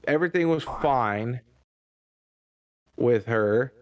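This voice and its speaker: A man co-hosting a reaction stream, chatting casually with jokey, deadpan asides. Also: mid-range voice, slow pace. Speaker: stream co-host.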